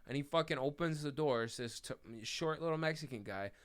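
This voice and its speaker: A man's voice: a little high, fairly quick, clean tone. A man co-hosting a podcast in casual chat, telling stories loosely and swearing constantly. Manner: profane, animated storytelling. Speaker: podcast co-host.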